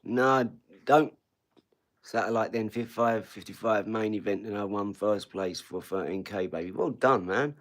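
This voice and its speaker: On a casual home live stream, a man in his forties chats with his audience from the front room. His voice sits on the low side with a fairly bright tone at a normal speed, and he comes across as blunt, rambling and quick to swear.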